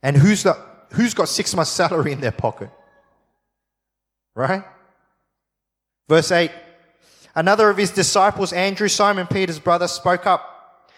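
A man preaching a sermon, telling the story in a lively, jokey way and acting out the voices of the people in it. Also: high-pitched, a little slow, long pauses, long reverb tail.

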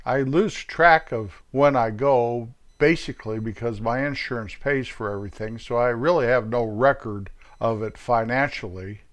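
A man's voice: medium pitch, moderate pace, few pauses. Older man, folksy, rambling, joking, digressive monologue. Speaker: vlogger.

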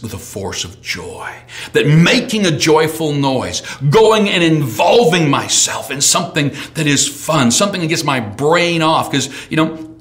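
A middle-aged man preaching a sermon at an ordinary pitch. He leans into hushed, almost whispered lines, then jumps up into ringing shouts. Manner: swings from soft near-whispers to sudden shouts. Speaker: pastor.

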